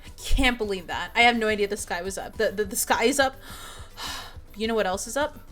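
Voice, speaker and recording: A woman hosting a live stream in casual chat, hyper and excitable, meowing playfully at her chat. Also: medium pitch, fairly quick, faint music behind. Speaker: streamer host.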